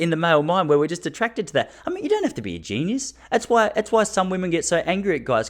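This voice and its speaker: A man's voice: high-pitched, very animated, very fast, few pauses. An Australian man in his thirties hosting a solo podcast, talking bluntly and laughing between points. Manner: fired-up, blunt, laughs often, acts out quotes. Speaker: podcast host. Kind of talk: casual solo podcast monologue.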